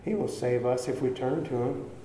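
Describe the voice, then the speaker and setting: A dark-toned, medium-pitched male voice delivers a sermon at a moderate pace, with slight background noise. He is earnest and conversational, frequently restarting phrases and performing quoted voices, in an echoey hall with faint ambience.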